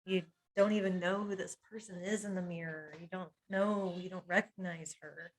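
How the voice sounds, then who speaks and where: A woman's voice: fairly low pitch, steady tone, moderate pace, low-quality recording. Earnest woman listing feelings, light laughs. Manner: lists feelings one by one in short emphatic phrases, often laughing lightly; earnest and confiding, draws on her own life. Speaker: hypnotherapist teaching a masterclass. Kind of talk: personal teaching talk on emotional pain.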